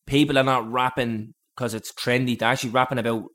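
Quick Irish podcast host, slangy. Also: male voice, medium pitch, little pitch movement, fairly bright tone. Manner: chatty, slangy, says "bro". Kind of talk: casual podcast chat.

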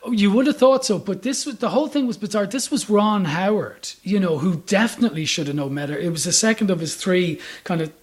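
A man's voice: high voice, lively intonation, brisk, few pauses, husky. A man, a film critic guest on a radio show, opinionated and emphatic. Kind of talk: radio talk show chat.

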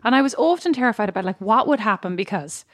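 Giggly, animated woman podcast co-host. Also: on the high side, fast, no echo, studio quality. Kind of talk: casual chat.

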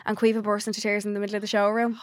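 A young Irish woman hosting a podcast, telling stories in a chatty, quick manner and slipping into quoted voices. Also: medium pitch, monotone, dry recording, studio quality. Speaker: podcast host. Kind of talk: casual chat.

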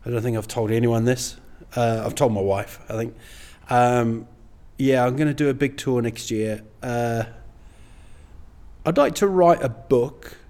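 A man's voice: mid-range voice, unhurried, a little mellow. A middle-aged man, a stand-up comedian, chatting casually as an interview guest in a rambling, self-deprecating way. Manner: rambling, self-deprecating, many "you know"s.

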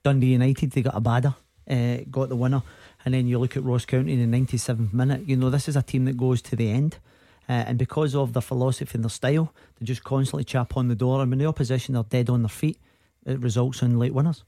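A Scottish football pundit talking fast on the radio, often restarting mid-sentence. His voice is dark and mellow, and the studio sound is close and dry. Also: mid-range voice, fairly even intonation, vocal fry, no echo.

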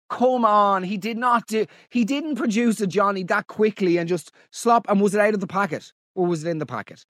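An Irish man hosting a podcast, mocking listener stories in comic commentary with big theatrical swings in pitch. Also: lively intonation, brisk, few pauses, dry recording, clean studio sound. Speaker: podcast host.

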